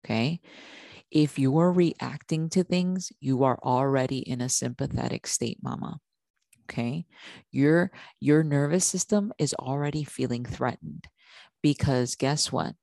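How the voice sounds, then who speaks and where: A woman's voice: very deep voice, a little slow, gravelly, warm tone, dry recording. A woman hosting a talk for mothers, repeating her points and checking in with an "okay?" as she goes. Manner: repeats herself, says okay often; often stops and restarts sentences. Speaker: podcast host.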